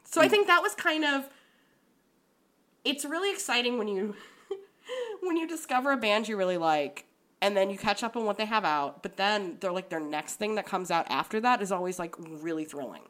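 A woman's voice: medium pitch, normal speed. A woman guest on a podcast, chatting casually, laughing often and making fun of herself. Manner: laughs often, animated and self-deprecating. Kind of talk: casual interview chat.

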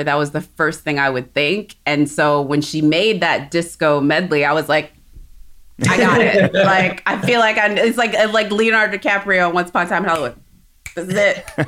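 Low-voiced woman from South Texas. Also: slight background noise. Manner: animated, enthusiastic, quick asides. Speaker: podcast co-host. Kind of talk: casual chat.

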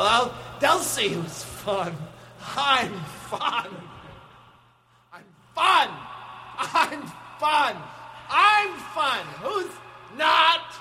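A man voicing a middle-aged mother who yells at her family at a mall, insisting over and over that she is fun. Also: very high-pitched, a little hiss or hum, voice pushed up. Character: shrill middle-aged mom ranting at a mall. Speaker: guest comedian doing a bit.

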